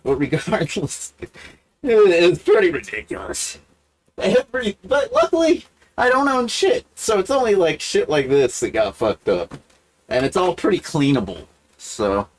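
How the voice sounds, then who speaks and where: A man's voice: sing-song, measured pace. A man hosting a livestream, talking to camera in a profane, self-mocking, wandering monologue. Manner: wide sudden pitch swings. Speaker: livestream host. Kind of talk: rambling casual monologue.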